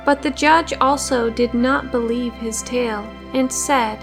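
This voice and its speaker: A woman reading a fairy tale aloud as a storyteller, in a measured way. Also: on the high side, fairly even intonation, creaky. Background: faint background music.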